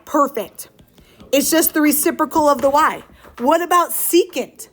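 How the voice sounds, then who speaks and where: A woman's voice: high-pitched, a little slow, fairly bright tone. A woman teaching a math lesson in a classroom, upbeat and playful, often asking the class questions. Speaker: high school math teacher. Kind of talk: classroom lecture.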